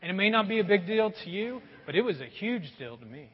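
A man's voice: high-pitched, big pitch swings, a little fast, breathy edge, in a large hall, lo-fi sound. A middle-aged man preaching a sermon in a church, telling folksy stories and calling his congregation folks. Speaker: pastor. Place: church sanctuary.

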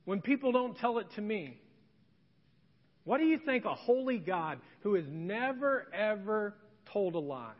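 A man preaching a sermon as a pastor, telling stories in an animated way. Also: sits high, unhurried. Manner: animated storytelling. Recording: dull echoey church hall recording.

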